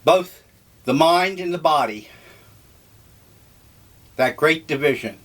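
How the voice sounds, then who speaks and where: An older man muses aloud over his breakfast, drifting from one thought to the next. He takes his time, drawling his words, and his voice sits somewhat high for a man. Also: animated, fairly bright tone. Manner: slow, musing, eccentric. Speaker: vlogger. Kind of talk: rambling breakfast monologue.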